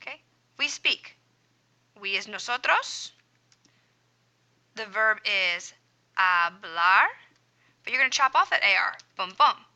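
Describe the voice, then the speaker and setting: A woman runs a screen-recorded grammar lesson in a very bright, clear voice. She is upbeat and encouraging with her students, and she punctuates her steps with playful sound effects. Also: medium pitch, lively intonation, takes it slowly, long pauses. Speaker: Spanish teacher.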